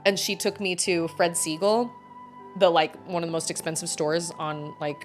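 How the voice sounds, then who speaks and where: A woman's voice: fairly low pitch, normal speed, soft background music. A woman in her thirties, a streamer chatting casually and telling stories, acting out quotes with many "like"s. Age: 30s. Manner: animated, acts out quotes, lots of "like". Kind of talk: casual storytelling while gaming.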